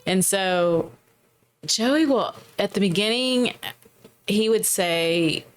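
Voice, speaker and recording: A woman in her forties co-hosting a podcast, chatting casually and rambling a little, with quick laughs. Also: medium pitch, lively intonation. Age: 40s. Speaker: podcast co-host. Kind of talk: casual chat.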